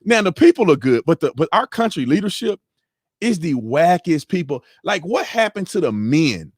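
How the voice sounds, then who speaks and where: A man hosting a casual livestream, talking in an animated, slangy way with lots of repeats. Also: a little high, moderate pace, slightly rough, no echo, clean studio sound. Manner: animated, repetitive, slangy, mimics sounds. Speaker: host.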